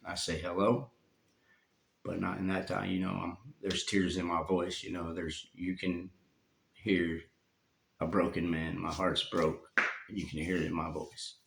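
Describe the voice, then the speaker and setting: A man telling a painful personal story from his life, speaking haltingly with long pauses and fillers. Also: sits low, level tone, gravelly. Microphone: phone. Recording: roomy phone recording.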